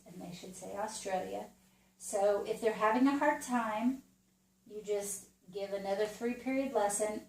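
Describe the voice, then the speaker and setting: A woman's voice: medium pitch, darkish tone, recorded from a distance, a little hiss or hum. A woman who teaches in the Montessori way, demonstrating a geography lesson for young children with patient, childlike prompts. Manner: slow, patient, speaks as if to a small child. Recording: roomy, from away from the mic.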